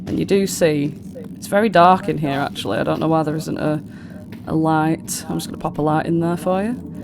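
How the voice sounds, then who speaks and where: A woman narrating a tabletop game as game master, chatty and quick to laugh. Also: low voice, fairly even intonation, gravelly, background noise. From United Kingdom. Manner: giggly, chatty, casual.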